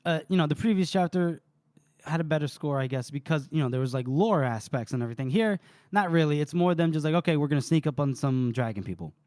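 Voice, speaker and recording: A man's voice: fairly high pitch, expressive, fast talker, darkish tone, no room sound, studio quality. A man co-hosting a podcast, casually retelling book chapters and quoting the characters' lines with frequent laughter. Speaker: podcast co-host recapping chapters. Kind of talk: casual book recap chat.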